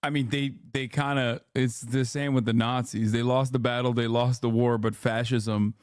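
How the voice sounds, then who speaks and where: Male streamer, crude mocking reactions, crisp dry close-mic sound. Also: mid-range voice, flat delivery, moderate pace, no room sound. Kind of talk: casual reaction commentary.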